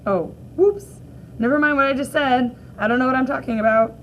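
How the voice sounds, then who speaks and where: A woman teacher reading a graphic novel aloud for children, gently voicing each character in turn. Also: on the high side, moderate pace, a little hiss or hum, low-quality recording.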